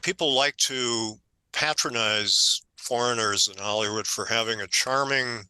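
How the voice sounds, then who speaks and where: An older man, an author being interviewed, telling stories in a conversational, animated way and growing emphatic when indignant. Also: mid-range voice, a little slow, smooth, no echo, poor audio. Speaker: author guest.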